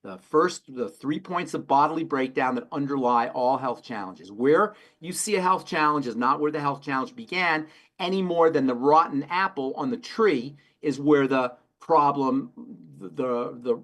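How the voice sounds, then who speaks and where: A man, a pharmacist on a health show, answering questions in an emphatic, rapid-fire way and repeating his key phrases. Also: mid-range voice, a bit bright. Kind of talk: call-in health talk.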